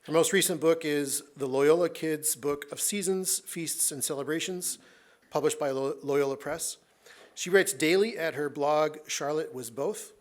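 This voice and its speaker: A man moderating a conference panel reads the next speaker's credentials aloud. His voice sits a bit high for a man. The delivery is formal but loose, with an occasional "uh.". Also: measured pace. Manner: reading a bio with small fillers. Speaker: session moderator.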